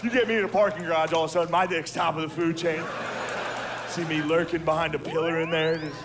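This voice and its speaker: A man's voice: on the high side, fairly even intonation, fast talker. A man doing a stand-up comedy routine, telling profane, self-deprecating stories. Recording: clear background noise.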